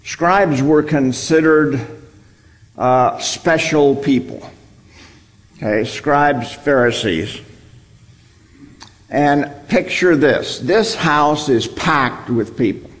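Male Bible teacher, unhurried and emphatic, echoing hall sound. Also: a little high. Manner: explanatory, repeats key words for emphasis. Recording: long reverb, hall.

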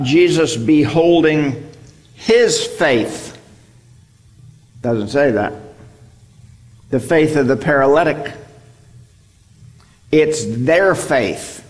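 Male Bible teacher, unhurried and emphatic, echoing hall sound. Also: medium pitch. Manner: explanatory, repeats key words for emphasis. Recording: long reverb, hall.

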